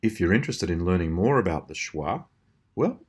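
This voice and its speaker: An Australian man explaining a language puzzle solution, slowly drawing out example words. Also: sits low, sing-song, a little mellow, breathy edge. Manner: precise, drawn-out demonstration of words. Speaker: language teacher.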